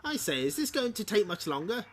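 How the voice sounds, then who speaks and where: Man putting on a dim old cartoon king, pompous, fussy, bright voice. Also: high-pitched, sing-song, a little fast, pitched above the performer's own voice. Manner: fussy, posh "I say" delivery.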